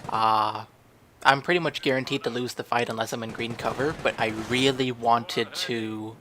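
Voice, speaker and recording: A man's voice: medium pitch, steady tone, normal speed, background noise. A young man casually narrating a strategy game match he recorded, rambling and questioning his own moves as he goes. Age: young adult. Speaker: gaming channel host. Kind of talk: gameplay commentary.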